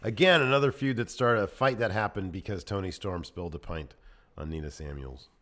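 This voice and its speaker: A man co-hosting a podcast in casual chat, laughing often and dropping into low trailing asides. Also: fairly quick, a bit bright. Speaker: podcast co-host.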